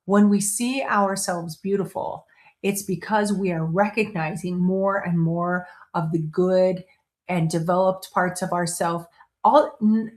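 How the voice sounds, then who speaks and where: A middle-aged woman hosting a casual motivational talk, conversational, restarting her sentences and slipping into playful quoted voices. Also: lowish voice. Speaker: host.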